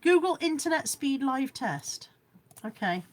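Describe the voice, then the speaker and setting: A woman chats away on a live stream from her home, reading out viewer comments and replying to them. She rambles and laughs at herself over technology. Her voice sits a little higher than most women's. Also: lively intonation, a little fast, slight background noise. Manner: rambling, chatty, self-deprecating about technology.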